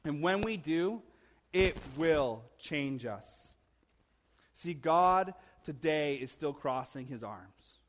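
A man's voice: a little high, expressive, slow. A man in his thirties, a pastor preaching a sermon in a church, conversational with humorous asides and emphatic rises. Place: church sanctuary.

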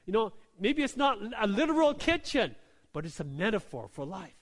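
A male pastor preaching a sermon, drawing the congregation in with repeated "Amen?" and "right?" and swinging between soft low asides and emphatic exclamations. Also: big pitch swings, normal speed, in a large hall.

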